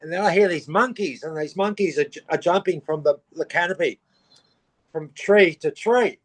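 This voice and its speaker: A middle-aged Australian man telling casual anecdotes as a podcast guest, animated and acting out the voices of the people in his stories. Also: a little high, moderate pace. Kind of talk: casual storytelling.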